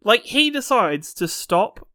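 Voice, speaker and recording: Bright-voiced, excitable man on a podcast. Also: sits high, takes it slowly, no echo, studio quality. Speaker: podcast co-host. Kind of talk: casual film chat.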